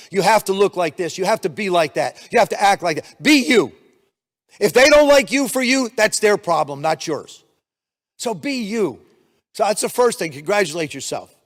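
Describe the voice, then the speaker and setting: A man in his seventies from the United States delivers a motivational keynote, spinning stories and acting out the dialogue in them. His voice sits fairly high for a man. The sound rings with the long reverb of a large hall. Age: 70s. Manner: storytelling, animated, acts out dialogue. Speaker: keynote speaker.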